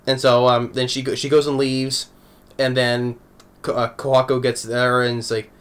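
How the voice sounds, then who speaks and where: A man's voice: mid-range voice, little pitch movement, moderate pace. A man recapping an anime episode in a casual, rambling way, chuckling often between thoughts. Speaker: anime reviewer.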